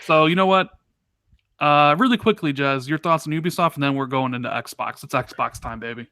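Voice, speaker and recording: A man co-hosting a casual gaming podcast, talking in an animated, exasperated, ranting way. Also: on the high side, normal speed, clean tone, no echo. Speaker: podcast co-host.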